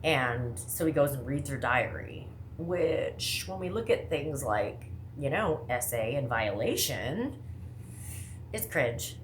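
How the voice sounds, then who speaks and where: A woman from the American Midwest talking casually to her viewers, rambling fast with lots of asides and self-interruptions. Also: extremely low pitch, expressive, slight background noise. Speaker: vlogger. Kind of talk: casual monologue to camera.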